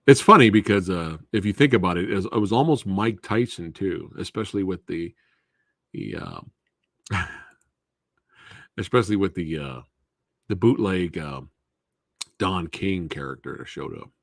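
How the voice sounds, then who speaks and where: Low-voiced, lively male stream host. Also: normal speed, creaky, long pauses, dry recording, clean studio sound. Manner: laid-back, answering viewers by name. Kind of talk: casual live Q&A chat.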